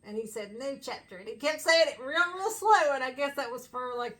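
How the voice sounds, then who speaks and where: A woman's voice: high voice, expressive, a little fast, a bit bright. A woman chatting casually as a fan vlogger, rambling with lots of fillers and bursts of laughter. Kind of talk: casual chat to camera.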